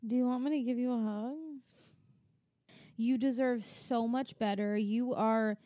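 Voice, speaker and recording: Young female co-host, high and unhurried, tipsy and playful, dry close sound. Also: fairly even intonation, warm tone, dry recording. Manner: teasing, consoling, tipsy. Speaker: podcast co-host. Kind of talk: casual chat.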